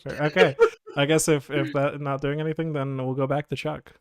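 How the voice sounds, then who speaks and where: A man's voice: on the high side, flat delivery, dry recording, studio quality. A man running a tabletop role-playing game as game master, often stopping to search for his words. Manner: halting, searches for words mid-sentence.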